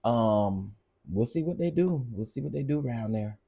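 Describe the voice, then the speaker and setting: A man's voice: mid-range voice, animated, normal speed, gravelly, mellow, a little hiss or hum. A man hosting a casual commentary show, sassy and gossipy, laughing often and repeating lines for effect.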